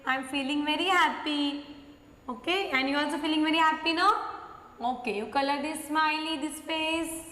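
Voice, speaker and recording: A woman's voice: high voice, moderate pace, sharp tone. A woman, teaching young children through a worksheet, coaxing and repeating simple words. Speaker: kindergarten teacher. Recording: echoey room.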